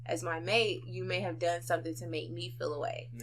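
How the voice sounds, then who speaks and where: A woman's voice: on the low side, fairly even intonation, fairly quick, a crowd in the background. A woman co-hosting a casual, unedited podcast conversation, talking reflectively and emphatically and often checking in with her listener. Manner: reflective and emphatic, often asks "you know what I'm saying". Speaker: podcast co-host.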